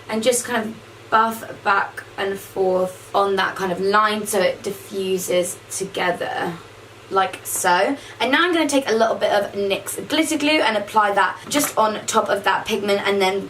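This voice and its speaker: A woman's voice: mid-range voice, fairly bright tone, far from the mic, a little hiss or hum, low-quality recording. A woman casually talking through a makeup tutorial, chatty and saying "like" a lot. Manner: chatty, says "like" often. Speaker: makeup vlogger.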